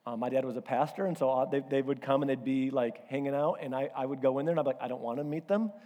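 A man's voice: mid-range voice, level tone, fast talker, warm tone. A man preaching a sermon in a conversational, storytelling way, with self-deprecating asides. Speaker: pastor. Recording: reverberant hall.

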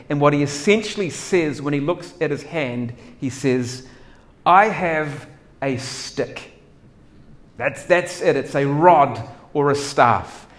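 A man preaching a sermon, acting out doubts and voices of the people in the story with big swings in loudness. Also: on the high side. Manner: animated, acts out characters' doubts with dramatic swings in loudness. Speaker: pastor.

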